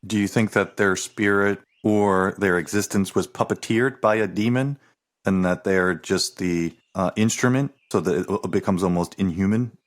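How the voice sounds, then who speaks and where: A man co-hosting a podcast, speaking in a measured, reflective way. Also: low-pitched. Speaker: podcast co-host. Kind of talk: casual movie discussion.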